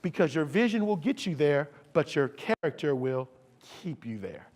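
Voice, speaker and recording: A man's voice: a little high, very animated, normal speed, a little mellow. A man giving a motivational keynote speech, preacher-like, leading the crowd in call and response. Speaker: keynote speaker.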